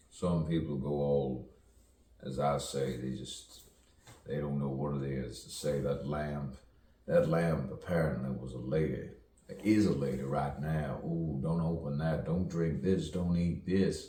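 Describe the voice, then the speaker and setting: Very deep-voiced man musing slowly. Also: mellow, echoey room, recorded from a distance, a little hiss or hum. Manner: rambling, shifting voices and accents, drifting into whispers. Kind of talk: stream-of-consciousness spoken poem.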